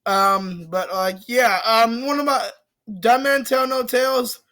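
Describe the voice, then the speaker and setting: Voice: medium pitch, steady tone, slow pace, pushed and bright. A casual movie reviewer rambling about a film series, with lots of fillers, restarts and casual swearing.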